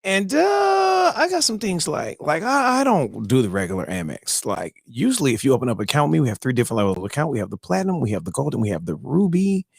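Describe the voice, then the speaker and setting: A man playing a smooth-talking male card-services salesman who delivers a rapid, matter-of-fact sales pitch. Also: big pitch swings, dry recording, clean studio sound, exaggerated voice. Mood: salesy.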